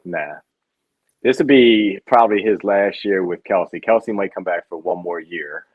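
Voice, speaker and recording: A man's voice: sits low, unhurried, husky, no room sound, narrow, tinny audio. A man co-hosting a podcast, talking casually and matter-of-factly about sports with his friend. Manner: relaxed, matter-of-fact sports talk. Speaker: podcast co-host. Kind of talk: casual chat.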